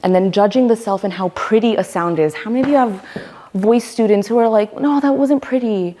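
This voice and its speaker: A woman leads a voice workshop, teaching in a brisk, warm, mid-range voice. She speaks emphatically and demonstrates different voices as she explains.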